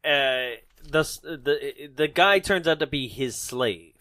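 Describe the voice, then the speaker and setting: A man's voice: on the high side, slow pace, sharp tone, no echo. A man co-hosting a casual movie podcast, joking, swearing and laughing often as he acts out scenes. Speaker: podcast co-host. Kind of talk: casual movie-review banter.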